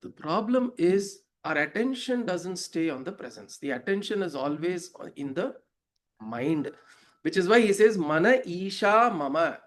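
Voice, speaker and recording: A man's voice: high-pitched, lively intonation, measured pace. A man explaining a scripture verse as a spiritual teacher, reflective, asking rhetorical questions and telling parables.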